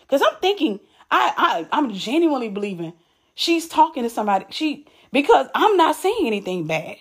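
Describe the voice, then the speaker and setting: Husky-voiced woman telling a story. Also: a little high, sing-song, moderate pace. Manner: conversational, emphatic, many restarts and repeated words. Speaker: vlogger. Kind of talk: casual storytime monologue.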